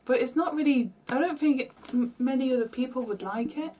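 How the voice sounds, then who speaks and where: A woman's voice: high-pitched, brisk, muffled recording, slight background noise. A young British woman chatting casually and rambling while she plays a game, laughing at herself, recorded at home. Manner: rambling, chatty, self-deprecating. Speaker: gaming streamer.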